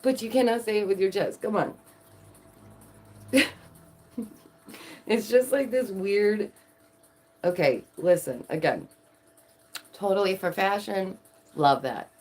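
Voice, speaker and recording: A woman vlogger giving sarcastic, animated commentary and laughing often. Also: mid-range voice, slow pace, pauses often. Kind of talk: casual opinion commentary.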